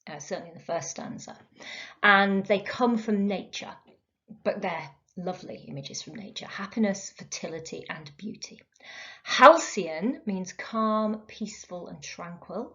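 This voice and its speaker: A woman teaching a recorded literature lesson, explaining step by step with frequent ums and uhs. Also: medium pitch. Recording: dull lo-fi recording.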